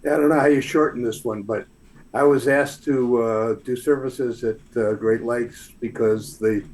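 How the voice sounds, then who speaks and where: A man's voice: mid-range voice, fairly even intonation, moderate pace, a little mellow. A man in a community discussion, sharing something that happened to him in a hesitant way with many fillers. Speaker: group participant.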